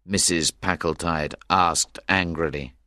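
A man narrating a simplified story in a measured, expressive way. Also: low-pitched, no echo, clean studio sound.

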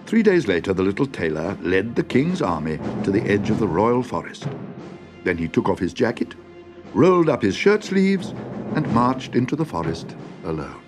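A man reading a fairy tale aloud in an expressive, dramatic way. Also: lowish voice, normal speed. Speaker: narrator. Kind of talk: storybook reading. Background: music.

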